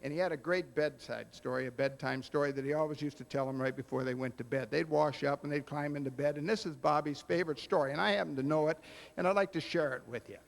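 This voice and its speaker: Roast emcee, male, slightly high voice, storyteller who voices the punchlines. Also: steady tone, fast talker, gravelly. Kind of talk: telling jokes at a roast.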